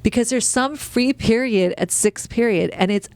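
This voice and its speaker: A middle-aged woman co-hosting a casual family comedy podcast, telling a story in an animated way, acting out voices with dramatic exclamations. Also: fairly high pitch, moderate pace. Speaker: podcast co-host.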